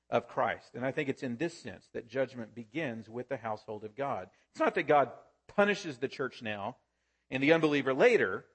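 A man preaching a sermon as pastor, emphatic, with sudden climbs to excited peaks and drops to quiet, low stresses.

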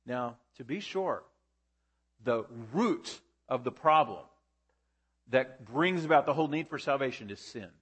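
Guy preaching, asks the crowd questions, voice swells up then drops low for emphasis. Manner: teaching, asks the congregation rhetorical questions. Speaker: pastor. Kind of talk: sermon.

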